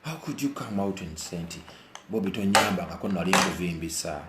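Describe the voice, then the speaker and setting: A man's voice: sits low, lively intonation, a little fast, reverberant, very noisy. A Ugandan man speaking emotionally in a live commentary, mixing Luganda and English and repeating his points with passion. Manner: impassioned, repeats phrases, mixes Luganda and English. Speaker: vlogger. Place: indoors while rain falls outside.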